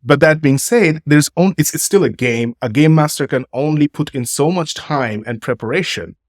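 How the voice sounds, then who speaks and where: A man hosting an interview, asking a long question in a searching, halting way full of fillers and restarts. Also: fairly high pitch, dry recording, studio quality. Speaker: podcast host interviewing a guest. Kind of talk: casual conversational interview.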